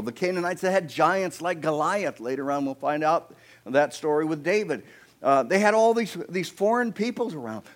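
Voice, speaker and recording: A man preaching a sermon, telling a Bible story with animated voices for its characters and having the congregation repeat words back to him. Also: fairly high pitch. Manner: animated storytelling, voicing the people in his story.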